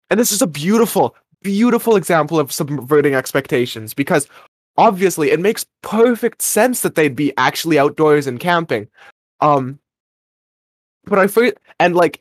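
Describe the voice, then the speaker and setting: A man's voice: a little high, dry recording. Rambling young podcast guy, dry close sound. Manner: rambling, self-interrupting, goes off on tangents. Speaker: podcast co-host. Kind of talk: casual chat recapping a radio drama episode.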